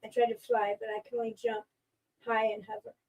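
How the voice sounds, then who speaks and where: A woman co-hosts a live stream, reading out viewer messages and answering in a dry, deadpan way. Her voice sits a little high and has a strong gravelly fry. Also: brisk, rough recording.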